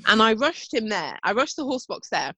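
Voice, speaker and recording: A woman's voice: a little high, very animated, moderate pace, bright, forceful tone, dry recording. Woman, chatty storyteller, self-mocking, dry close-miked sound. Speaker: podcast co-host. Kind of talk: casual chat.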